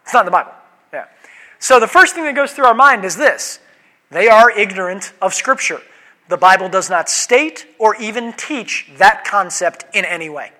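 A man's voice: sits high, expressive, moderate pace, sharp tone, in a large hall. A man who is a pastor, preaching a sermon in a conversational, joking way and putting questions to his congregation.

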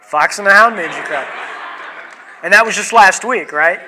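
A man's voice: sits high, normal speed, bright, forceful tone, slight background noise, poor audio. A man in his thirties preaching a sermon in a church, chatting playfully with the congregation. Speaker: pastor. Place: church sanctuary.

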